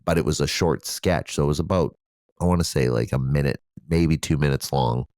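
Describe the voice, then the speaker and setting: A man's voice: rumbling low, brisk, a little mellow, no room sound, studio quality. A man co-hosting a podcast, talking casually in a rambling way with frequent swearing and fillers. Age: adult with children. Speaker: podcast co-host. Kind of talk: casual conversation.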